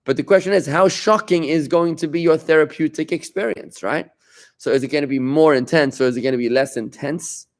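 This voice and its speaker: A middle-aged man leads a Talmud class as a rabbi, his voice pitched a little high for a man. He explains patiently, repeats key phrases and breaks off for friendly asides to his students. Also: a little fast. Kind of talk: informal Talmud lesson.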